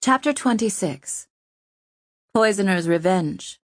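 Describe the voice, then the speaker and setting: A woman narrating an audiobook in an even, measured reading style. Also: mid-range voice, no room sound, clean studio sound. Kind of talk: scripted narration.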